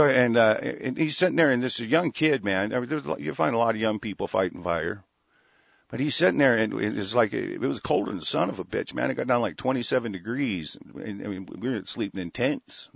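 A man's voice: medium pitch, a little fast, vocal fry, no echo. A man ranting angrily in a profane commentary, cursing heavily and stumbling over restarts. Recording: dull lo-fi recording.

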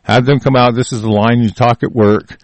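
A man's voice: medium pitch, steady tone, a little fast, no room sound. An older man vlogging a heated, rambling political rant, full of swearing and broken-off restarts.

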